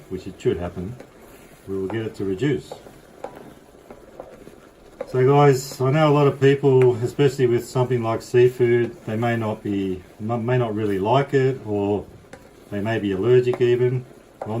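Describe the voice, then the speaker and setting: A middle-aged Australian man walks through a recipe in a casual, rambling, friendly way. His voice is mellow and unhurried, recorded in a home kitchen with a faint hum of noise behind him. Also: medium pitch, poor audio. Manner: chatty, rambling, easygoing. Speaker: cooking vlogger. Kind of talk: casual cooking demonstration.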